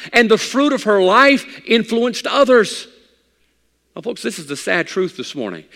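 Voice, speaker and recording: A man with a high voice delivers a sermon with a conversational, joking manner, like a pastor talking straight to his congregation. His words trail off into a long hall reverb. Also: fairly bright tone. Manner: conversational preaching with folksy humor.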